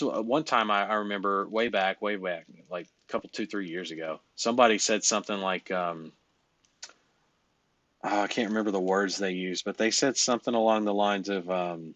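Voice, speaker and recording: Blunt rambling man with a low voice. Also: a bit bright, no room sound, muffled recording. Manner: blunt, rambling, frequent fillers and profanity. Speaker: business coach. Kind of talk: casual coaching talk.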